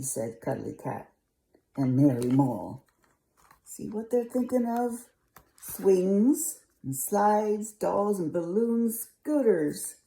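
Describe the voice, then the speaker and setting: An older woman reads a picture book aloud to children as a storyteller, coaxing them along and asking the listener questions. Her voice is lowish and dark, with vocal fry, and she speaks at a slow pace.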